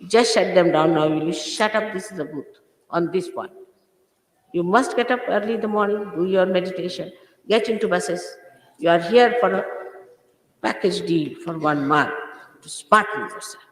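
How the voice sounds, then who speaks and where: With a fairly low voice at a moderate pace, an older spiritual teacher scolds her followers during an informal talk, stressing her points by saying them again and again. The old archive-tape recording carries the long, roomy reverb of a big hall.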